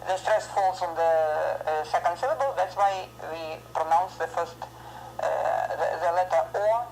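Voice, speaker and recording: A woman teaching verbs in English, repeating each word slowly three times with many filler sounds. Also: fairly low pitch, darkish tone, a little hiss or hum, rough recording. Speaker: Russian language teacher. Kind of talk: language lesson.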